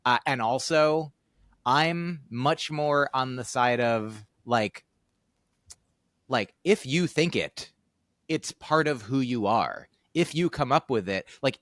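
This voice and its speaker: A man hosting a podcast who talks through his ideas slowly and thoughtfully, circling back and restarting his sentences often. His voice sits in a middle pitch and is recorded dry and close on the mic, with almost no room sound. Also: animated, a bit bright, dry recording. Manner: thoughtful, rambling, many fillers and restarts. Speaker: podcast host. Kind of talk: casual conversational podcast chat.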